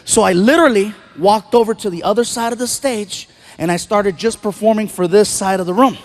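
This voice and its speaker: A middle-aged man telling a story on stage as a stand-up comedian, animated, acting out characters and laughing at his own jokes. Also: sits high, fairly quick. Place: stage in a theater. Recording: live show, faint crowd behind.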